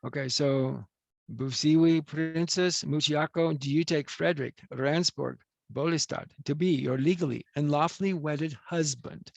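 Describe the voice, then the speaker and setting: Gravelly, joking wedding officiant. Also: male voice, on the high side, no room sound. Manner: chatty, joking, rambling. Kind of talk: officiating a wedding ceremony over video call. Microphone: video call.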